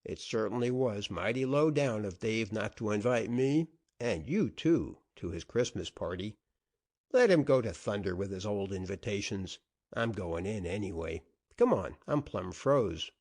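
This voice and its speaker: A folksy, plain-spoken fellow, read by a male narrator, blunt and homespun. The voice stays near the reader's own, with a lively rise and fall. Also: on the low side, unhurried. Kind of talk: audiobook character voice.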